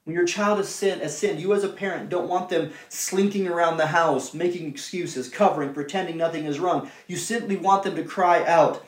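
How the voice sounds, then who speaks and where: A man preaching a sermon, earnest, rising to emphatic points and dropping to hushed pleading. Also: a little high, fairly even intonation, normal speed. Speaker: pastor. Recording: echoey room, mic at a distance.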